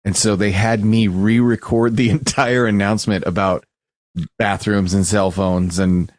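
A man co-hosting a casual podcast chat, animated and stop-start, laughing often. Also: on the low side, unhurried, no room sound. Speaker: podcast co-host.

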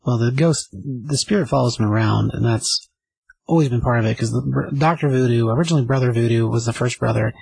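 Male co-host, gravelly and raspy, steady lore explainer. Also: mid-range voice, brisk, no echo. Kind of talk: casual chat explaining comic lore.

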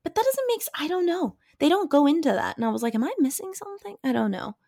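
Young woman, casual co-host, animated retelling, acts out lines. Dry, close recording. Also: high voice, fast, gravelly, no echo. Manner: animated, acts out characters' lines, heavy use of "like". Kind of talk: casual chat recapping a movie.

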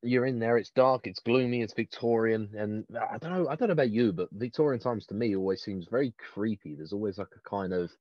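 A man's voice: fairly low pitch, fairly quick, hardly any pauses, no echo. A man co-hosting a podcast, enthusiastic and fond of acting out little quotes. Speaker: podcast co-host. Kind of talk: casual chat. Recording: dull, dry lo-fi mic.

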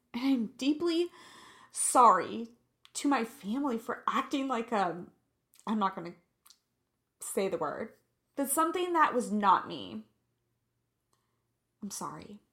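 Woman, 30s, vlogger; raised pitch, unhurried, candid and emotional delivery. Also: fairly bright tone. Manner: emotional, candid, drawn-out and reflective. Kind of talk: personal confessional vlog.

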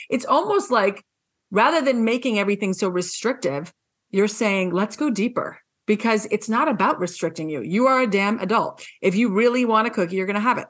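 A woman hosting an interview in a casual, chatty way. She is animated and emphatic and swears frankly. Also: mid-range voice, a little fast. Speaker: podcast host.

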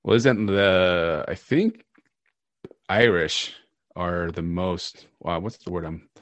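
A man's voice: low-pitched, takes it slowly, no room sound. A man co-hosting a podcast, chatting casually and rambling as he searches for words. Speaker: podcast co-host. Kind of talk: casual chat.

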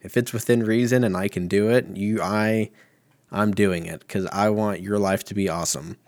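A man in his thirties talks through a solo podcast from home in a lowish voice, rambling loosely and swearing freely while poking fun at himself. The recording is dry and close. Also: steady tone, normal speed, dry recording. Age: 30s. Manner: profane, rambling and self-mocking. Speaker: podcast host.

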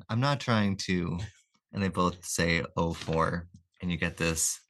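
A man co-hosting a podcast, casually recapping comic issues and slipping into quick quoted lines with chuckles. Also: sits low, fairly bright tone. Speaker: podcast co-host.

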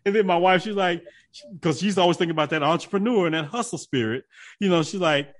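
A man's voice: high voice, fast. A man in a casual chat, joking, laughing and swearing as he tells stories.

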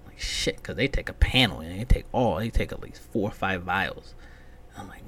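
A man hosting a solo comedy podcast, ranting profanely and swinging from loud outbursts to muttered whispered asides. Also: fairly low pitch, sing-song, normal speed. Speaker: podcast host.

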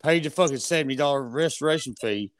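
A man's voice: on the high side, quick pace, no echo. Profane man, dry close sound. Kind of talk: casual podcast chat.

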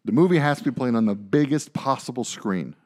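A man in his thirties, a podcast co-host, telling a story in casual chat, ranting and swearing with animated energy. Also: medium pitch, a little fast.

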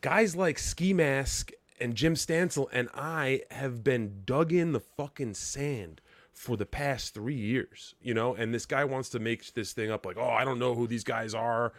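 A man's voice: medium pitch, a little slow, dry recording. A man co-hosting a podcast in casual, rambling banter, swearing freely and laughing often. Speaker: podcast co-host.

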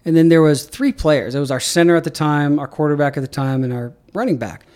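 A middle-aged man, a head athletic trainer, telling animated stories in a casual interview and acting out quoted dialogue. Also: fairly high pitch, fairly quick.

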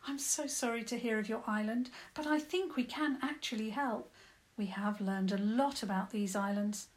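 A woman voicing a kind young girl who speaks gently and reassuringly in a children's story. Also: a little high, moderate pace, close to an everyday voice.

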